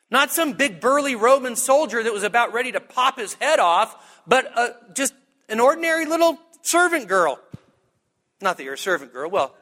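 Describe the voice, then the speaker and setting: A man preaching a sermon as pastor, animated and humorous, pushing his voice up to high emphatic peaks. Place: church sanctuary. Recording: long reverb of a church hall.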